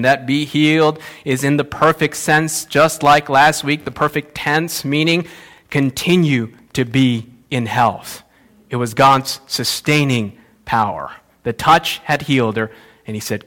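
A male pastor preaching a sermon, telling a Bible story in an animated way and acting out the characters. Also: medium pitch, unhurried.

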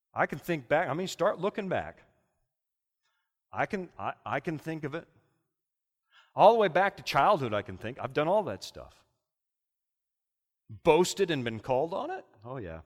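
A man's voice: medium pitch, a bit bright, in a large hall. A middle-aged man preaching a sermon with dramatic, impassioned storytelling.

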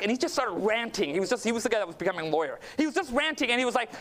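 A man's voice: very high voice, very animated, fast, hardly any pauses, a bit bright. A male preacher telling a personal story in a sermon, chatty and anecdotal, often checking in with "okay?". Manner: anecdotal, conversational, with frequent "okay?" asides.

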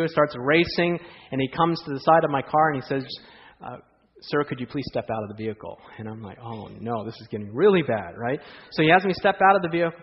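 A man preaching a sermon, telling stories in a lively way and asking the audience rhetorical questions. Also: medium pitch, slight background noise. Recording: dull lo-fi sound in a hall with long reverb.

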